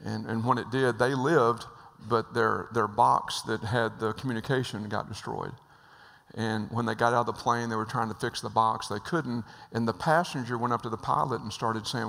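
Gravelly man preaching in a hall. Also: mid-range voice, steady tone, normal speed, a bit bright. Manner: joke-telling, acts out voices, repeats phrases. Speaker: speaker at a church. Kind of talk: sermon with storytelling. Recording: hall reverb.

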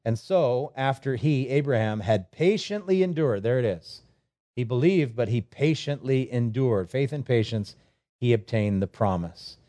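A middle-aged man delivers a relaxed, conversational sermon in a mellow, warm voice. He reads scripture aloud, slips in light jokes, and acts out short imagined prayers. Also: mid-range voice. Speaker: pastor.

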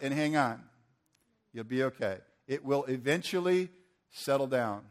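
A man's voice: medium pitch, moderate pace. An older man preaching a sermon to a church audience, earnest and asking the room questions.

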